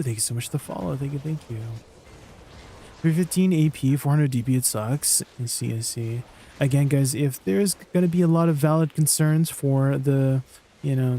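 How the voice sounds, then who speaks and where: A man's voice: on the high side, gravelly, warm tone, slight background noise. A man chatting casually on a game live stream, answering viewers' questions and laughing at himself. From Canada.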